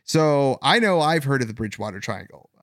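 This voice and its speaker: A man's voice: mid-range voice, lively intonation, a little fast, no echo, clean studio sound. A man hosting a paranormal podcast in casual chat, rambling with fillers and self-corrections. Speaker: podcast host.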